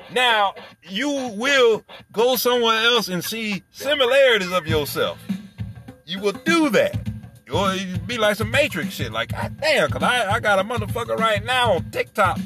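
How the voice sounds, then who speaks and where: Profane rambling radio host over music. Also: male voice, high voice, very animated, moderate pace. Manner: profane, rambling, laughs at own jokes. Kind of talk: loose comedic monologue. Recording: music playing underneath.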